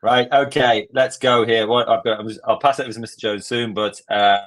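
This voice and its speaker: A man hosting a live software lesson, walking through steps in a chatty, joking way. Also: medium pitch, steady tone, normal speed. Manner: chatty, jokey, step-by-step. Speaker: tutorial host.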